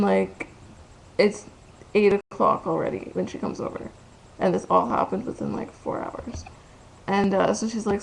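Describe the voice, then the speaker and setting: A young woman talks into her home webcam, rambling, losing her thread and swearing freely. She sounds very tired, her voice heavy with gravelly fry. A faint hiss sits under the recording. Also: medium pitch, low-quality recording. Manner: rambling, loses track, crude swearing. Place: room at home. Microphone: webcam at the computer.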